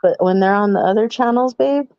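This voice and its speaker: A woman co-hosting a casual live podcast, relaxed and trailing off with fillers. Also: mid-range voice, fast talker, smooth, no echo, lo-fi sound. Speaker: podcast co-host.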